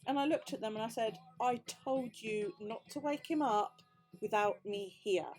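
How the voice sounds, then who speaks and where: A woman's voice: on the high side, moderate pace, a little mellow, soft background music. A British woman vlogger telling a story in casual chat, swearing freely and acting out the quoted dialogue. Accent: British English. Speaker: crafting vlogger.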